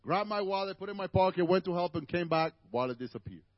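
A man's voice: high voice, lively intonation, quick pace, no echo, muffled recording. A man with a Spanish accent, native Spanish speaker, preaching a conversational sermon to a church congregation with asides to the listeners.

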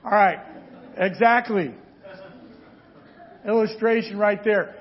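A man preaching a sermon, telling stories with lively asides and frequent "right?" checks to the congregation. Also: high voice, takes it slowly, long pauses, muffled recording.

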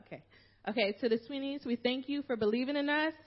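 A woman's voice: sits high, fast talker, highs cut off. Emotional woman giving a church farewell. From Philadelphia. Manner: emotional, holding back tears, laughing nervously. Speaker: minister's wife giving a farewell talk. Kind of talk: reading a prepared farewell speech to a church.

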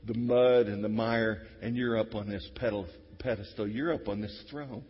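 A middle-aged man preaching an Easter sermon to his congregation, talking conversationally and moving between hushed, intimate passages and loud exclamations. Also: mid-range voice, fairly even intonation, moderate pace, hardly any pauses, husky. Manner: conversational, swings from hushed to shouting. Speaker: pastor. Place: church sanctuary. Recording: dull lo-fi sound with long hall reverb.

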